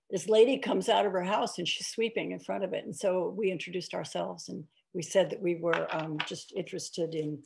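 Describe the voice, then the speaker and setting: An older woman with a low, gravelly voice and a slightly husky edge. She speaks over a video call, telling stories in a chatty way with plenty of fillers and restarts. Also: steady tone, normal speed, a little mellow. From Iowa, United States. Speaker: author giving a talk.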